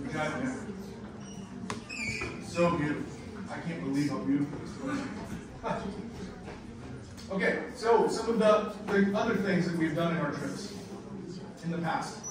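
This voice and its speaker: An American man giving a classroom lecture as a guest nature guide, animated and storytelling, with simple wording for learners. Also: high-pitched, noisy background. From United States. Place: large lecture hall. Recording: echoey hall from far off.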